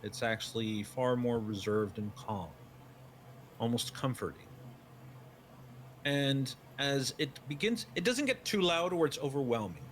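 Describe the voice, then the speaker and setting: Male GM, mid pitch, narrates a tabletop scene loosely and descriptively, with a faint hiss behind. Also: expressive, a little slow, fairly bright tone. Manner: descriptive second-person narration with many fillers. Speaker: game master.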